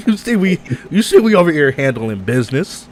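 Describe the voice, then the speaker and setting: A man's voice: a little high, big pitch swings, brisk, a little hiss or hum. A man hosting a livestream, chatting casually and animatedly, acting out quotes and laughing as he goes. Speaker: streamer host. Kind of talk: casual chat.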